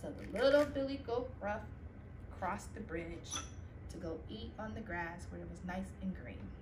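A woman librarian telling a children's story in a slow, sing-song, animated way. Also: mid-range voice, a little hiss or hum. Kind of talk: storytime read-aloud. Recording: roomy echo.

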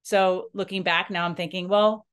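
A woman who runs a non-profit, telling a personal story in an earnest, halting way and acting out the dialogue she quotes. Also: on the low side, fairly even intonation, a bit bright, clear, resonant tone. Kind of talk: personal story told to camera.

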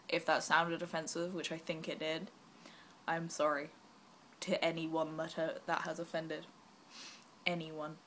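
A young woman vlogging casually while she is unwell, rambling and self-deprecating with quick asides. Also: low-pitched, bright, forceful tone, a little hiss or hum. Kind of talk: casual vlog chat.

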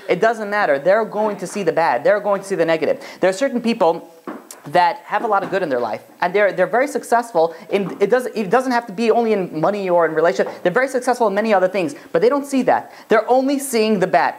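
Male rabbi teaching a class, rapid and chatty, lots of "you know"s. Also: high-pitched. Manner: conversational, full of fillers, checks in with the class. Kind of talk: casual classroom lecture.

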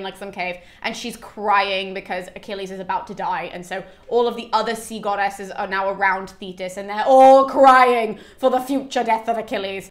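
A woman's voice: medium pitch, fairly bright tone. A woman hosting a YouTube channel, chatting through a classic epic in a casual way with lots of fillers and laughs. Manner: chatty, full of fillers, laughs while talking. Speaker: YouTube host.

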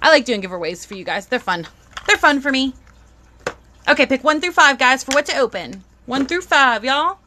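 A woman's voice: high-pitched, expressive, normal speed, bright, forceful tone, slight background noise. A young woman, chatting bubbly on a live stream as she unboxes toys and greets viewers.

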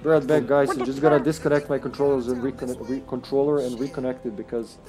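A man's voice: mid-range voice, steady tone, over music. A man streaming a co-op game, chatting casually and joking with friends. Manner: joking, laughs often, quick asides. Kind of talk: casual gaming chat.

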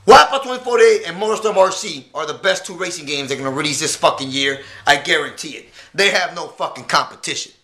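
A man hosting his own channel, delivering a loud, profane and emphatic promotional rant with repeated call-and-response lines. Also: sits high. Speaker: channel host. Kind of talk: hyped promotional rant to camera.

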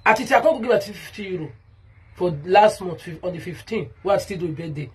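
A woman's voice: on the low side, expressive, fast, darkish tone, slightly rough. A woman with a Nigerian Pidgin accent ranting in a vlog monologue, heated and repetitive as she calls someone out by name. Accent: Nigerian Pidgin English. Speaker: vlogger.

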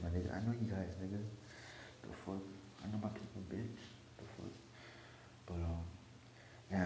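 Hawaiian man ranting in a deep voice. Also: vocal fry, dark tone. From Hawaii, Big Island. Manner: profane, slangy, repetitive boasting. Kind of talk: casual rant. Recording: echoey room with faint hiss.

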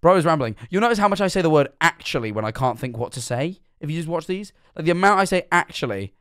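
A man's voice: fairly high pitch, animated, quick pace, smooth, dry recording, clean studio sound. A young man casually commenting while reacting to a video, chatty and self-mocking, stumbling over words.

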